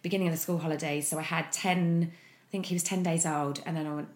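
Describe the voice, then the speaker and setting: A woman speaking as an interview guest, frank and open in a candid personal account, often pausing on fillers. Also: sits low, steady tone. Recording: echoey room.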